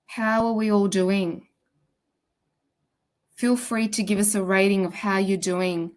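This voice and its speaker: A woman's voice: medium pitch, fairly even intonation, takes it slowly. A woman from Sydney with an Australian accent, a provisional psychologist presenting a live webinar in a casual, chatty way and greeting viewers by name, with fillers like "sort of" and "um". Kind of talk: informal live webinar talk.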